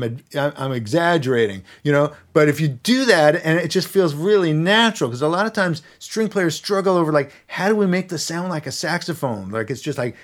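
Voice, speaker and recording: A man, a violinist and teacher, explaining his technique as a guest on a podcast, thoughtful and searching for words, sometimes singing rhythms aloud. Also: a little high.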